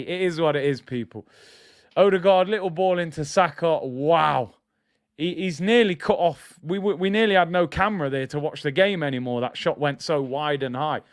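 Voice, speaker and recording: Excitable man hosting a football watch-along. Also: clean tone, dry recording, studio quality. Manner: excitable, trailing off with a low "people"; reads out chat comments between play calls.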